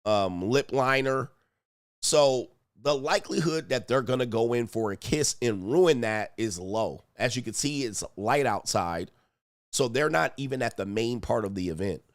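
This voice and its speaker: A man hosting a casual reaction commentary, animated and profane, with laughing asides. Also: medium pitch, a little slow, no echo, studio quality. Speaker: commentary channel host.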